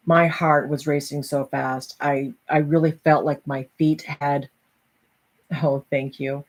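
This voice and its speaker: Low-voiced woman telling a personal story. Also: slow pace. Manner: animated storytelling, acting out other voices. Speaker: host.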